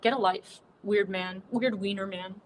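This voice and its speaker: A woman's voice: mid-range voice, steady tone, unhurried, slight background noise, close to an everyday voice. A woman voicing a bratty, foul-mouthed sixteen-year-old girl who whines and snaps rudely. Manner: whiny, rude, yelling.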